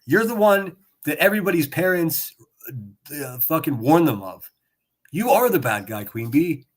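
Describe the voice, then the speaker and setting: A man's voice: on the high side, sing-song, normal speed, husky. A man streaming and reacting to clips, ranting in a profane, mocking way and laughing sarcastically at his target.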